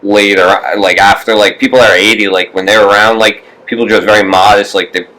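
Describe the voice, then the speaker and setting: A man's voice: on the low side, level tone, brisk, pushed and bright, rough recording. A young man co-hosting a podcast in casual, rambling chat, swearing often and mimicking others in a raised voice. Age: young adult. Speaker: podcast co-host.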